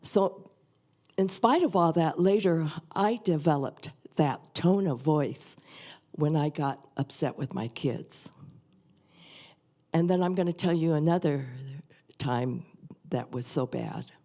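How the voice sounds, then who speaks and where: An older woman reading a prayer and then sharing a personal story at a church service, soft and earnest. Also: low-pitched, slow. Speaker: guest reader at a church service. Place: church sanctuary.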